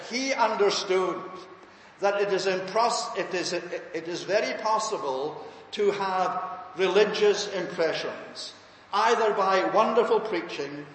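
Man, sermon, emphatic and repetitive, very echoey hall, faint room hum. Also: high-pitched. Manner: earnest, emphatic, building points by repetition. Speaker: preacher. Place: large church building.

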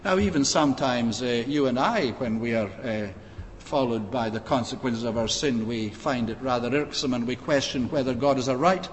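A man preaching an expository sermon, measured and pausing often with "uh", reading scripture in old-fashioned wording. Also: medium pitch. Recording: long reverb, faint background noise.

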